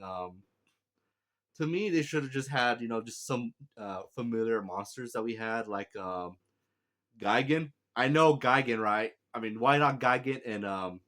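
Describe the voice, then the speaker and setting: A man's voice: mid-range voice, a bit bright. A man giving a casual, rambling spoken movie review, often laughing and correcting himself.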